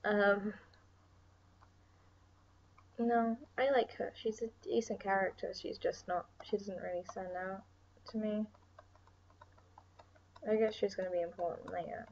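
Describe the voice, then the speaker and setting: A young woman streams her drawing, tired and yawning, rambling chattily through commentary and drifting into soft whispers and sighs. Her voice is on the low side, gravelly, a little slow, with little pitch movement and long pauses. The slightly dull mic carries a faint hiss.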